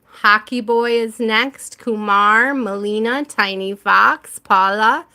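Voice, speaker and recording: Chatty American woman host, bright tone, unhurried, reading a list of viewer names on a stream. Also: mid-range voice. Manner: chatty, reads out viewer names, laughs often. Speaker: tarot reader and livestream host. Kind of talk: casual livestream chat with viewers.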